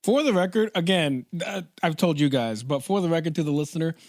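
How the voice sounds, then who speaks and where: A man co-hosting a comedic podcast, chatty and jokey, with quick asides. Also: a little high, animated, a little mellow, no echo, studio quality. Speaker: podcast co-host. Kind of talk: casual comedic podcast chat.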